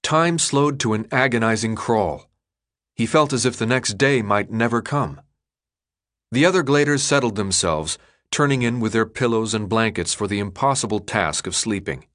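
A man reading an audiobook in scripted narration with a steady, even delivery. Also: lowish voice, normal speed.

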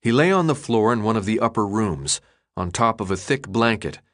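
A man reading an audiobook in scripted narration with a steady, even delivery. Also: fairly low pitch, moderate pace.

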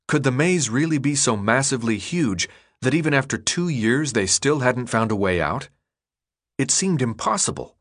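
Here a man with a mid-range voice narrates an audiobook from a script, keeping his storytelling measured and full of expression.

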